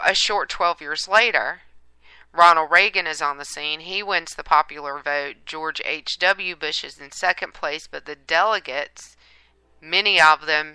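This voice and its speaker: Low-voiced woman with a crisp bright tone. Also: no room sound, low-quality recording. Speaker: talk show host. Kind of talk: political talk show discussion.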